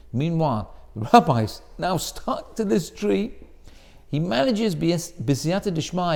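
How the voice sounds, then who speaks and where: A middle-aged man, a rabbi, telling a story in a sermon and acting out the voices of the people in it. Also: vocal fry. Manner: animated storyteller, acts out quoted voices in a higher pitch. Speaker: rabbi giving a Torah talk.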